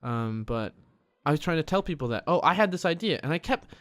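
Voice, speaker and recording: A young man hosting a solo podcast, rambling in a frustrated, profane way with many restarts, talking quietly in a dark room. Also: on the high side, animated, a little fast. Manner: tends to talk quiet. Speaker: podcast host.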